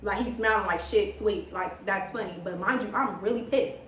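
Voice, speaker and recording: A young woman vlogger telling a story in casual chat, animated and dramatic, quoting what people said. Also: medium pitch, brisk, slight background noise. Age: young adult. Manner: animated, dramatic retelling with gasps and quoted lines. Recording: echoey room, mic at a distance.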